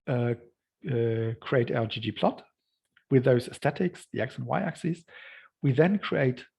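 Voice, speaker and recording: A man's voice: medium pitch, creaky, darkish tone, slightly rough, low-quality recording. A man leading a workshop, explaining code step by step and often checking in with "right?". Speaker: workshop instructor. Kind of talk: lecture walking through code.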